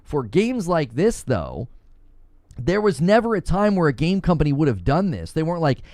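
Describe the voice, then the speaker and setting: A man's voice: fairly high pitch, big pitch swings, normal speed, darkish tone, no echo, clean studio sound. A man co-hosting a casual gaming news talk show, explaining his view at length in an argumentative way. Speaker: podcast co-host.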